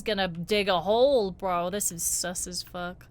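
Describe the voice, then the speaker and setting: A woman's voice: lowish voice, a little fast, few pauses. A young woman streaming a horror game, reacting casually with lots of slang and exclamations. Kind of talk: casual gameplay commentary. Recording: game music behind.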